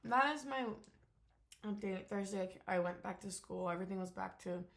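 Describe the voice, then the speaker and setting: A woman's voice: mid-range voice, normal speed, vocal fry, a bit bright. A young woman giving a casual, unscripted vlog update, talking candidly with lots of fillers and the odd swear word. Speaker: vlogger.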